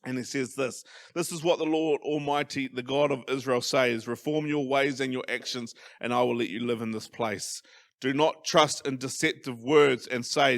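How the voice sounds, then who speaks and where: A New Zealand-accented man delivers a church sermon, with a voice of middling pitch. He leans hard on key words, then drops to soft, quiet asides. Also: fairly even intonation, moderate pace, vocal fry. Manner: emphatic, swinging from loud stresses to quiet asides. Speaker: pastor. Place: church hall.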